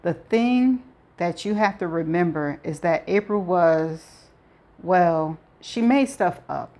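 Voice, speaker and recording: A woman reading a novel aloud, voicing a shaken young woman who talks haltingly and corrects herself. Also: lowish voice, lightly acted.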